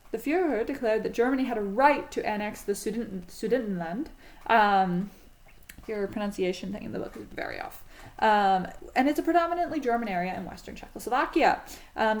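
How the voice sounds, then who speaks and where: A woman's voice: fairly high pitch, animated, a little fast, rough recording. A woman teaching a history class in a casual, chatty way, with frequent ums and self-corrections.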